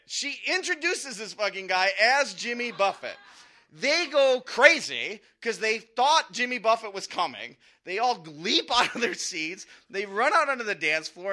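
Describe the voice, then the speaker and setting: A man's voice: high voice, very animated, a little slow, sharp tone. A man doing stand-up comedy, telling a long story in a loose, conversational way with a bit of swearing. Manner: conversational, profane, chuckles through his own story.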